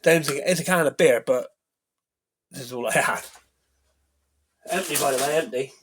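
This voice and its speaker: An enthusiastic man talks his way through a favourite film in a loose, conversational ramble. He circles back and repeats himself, then trails off and restarts as he tries to remember each scene. His voice sits at an ordinary middle pitch. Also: moderate pace, fairly bright tone, breathy edge. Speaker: film reviewer. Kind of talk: casual retelling of a film.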